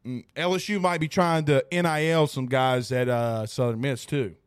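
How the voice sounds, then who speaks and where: A man's voice: mid-range voice, moderate pace, smooth. A man hosting a sports podcast, talking casually and with animation, joking and addressing his listeners directly. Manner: animated, jokey, talks straight to listeners.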